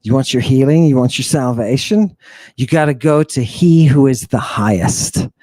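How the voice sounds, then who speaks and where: A man's voice: mid-range voice, moderate pace, dark tone, no echo. A man hosting a talk show, lecturing on ancient texts in a theatrical, mocking way, full of rhetorical questions and asides. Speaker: podcast host.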